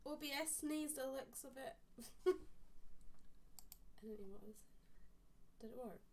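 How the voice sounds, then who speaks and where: Scottish woman co-host, stuffy cold, giggly, slightly high, bit off-mic. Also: measured pace, a little mellow, recorded from a distance. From Scotland. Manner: giggly, bubbly, chatty. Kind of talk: casual live-stream chat.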